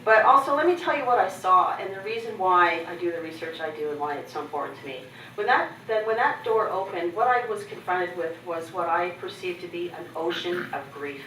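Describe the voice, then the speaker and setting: A middle-aged woman with a fairly low voice gives a keynote address, mixing candid personal stories and humor. She is recorded from a distance in an echoey conference hall. Faint noise stays underneath her voice throughout. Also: expressive, brisk, fairly bright tone. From Canada. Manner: candid, humorous, acts out others' lines. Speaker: keynote speaker.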